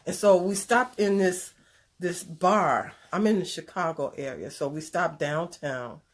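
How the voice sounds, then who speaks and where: A woman with a slightly low voice tells a personal story in a relaxed, conversational way. She is animated and earnest and slips into preachy asides now and then. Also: measured pace. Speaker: speaker sharing a personal story. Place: Chicago area.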